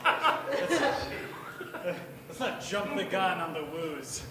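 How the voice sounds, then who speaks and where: A young man at an open mic doing rambling, profane stand-up that bursts into shouting. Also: high-pitched, big pitch swings, very slow. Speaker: stand-up comedian. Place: small bar at an open mic night, indoors. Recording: echoey bar taped from far off, with room noise.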